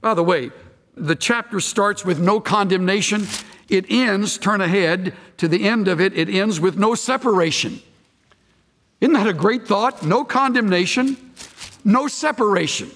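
A man preaching an earnest expository sermon, slowing down to stress key phrases. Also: sits high, fairly bright tone. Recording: long hall reverb.

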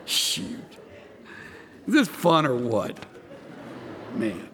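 A man's voice: medium pitch, vocal fry, a bit bright, big-room sound, slight background noise. A man preaching a conversational sermon in a folksy, joking way, with laughs between his points. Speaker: pastor.

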